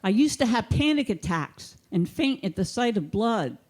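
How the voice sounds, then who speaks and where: Deadpan woman doing stand-up. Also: mid-range voice, normal speed. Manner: deadpan, mock-authoritative. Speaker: stand-up comedian. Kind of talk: stand-up comedy set. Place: comedy theater stage.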